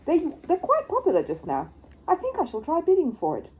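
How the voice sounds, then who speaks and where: A woman voicing a kindly older male antique dealer who explains things courteously and gently. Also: very high-pitched, huge pitch swings, fairly quick, pitched above the performer's own voice, full character voice, rough recording.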